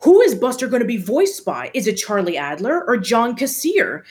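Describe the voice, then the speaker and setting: A woman's voice: fairly high pitch, huge pitch swings, normal speed, darkish tone. A woman co-hosting a podcast in casual chat, talking in a chatty way with many fillers and restarts. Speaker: podcast co-host.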